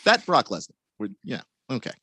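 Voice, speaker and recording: A male radio co-host telling wry stories in a halting, stammering way. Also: mid-range voice, wildly swooping pitch, pushed and bright, breathy edge, no room sound. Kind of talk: sports talk radio banter.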